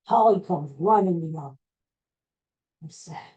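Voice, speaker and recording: A man slowly retelling a personal story in a rambling, halting way, with frequent restarts. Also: sits high, warm tone, rough recording.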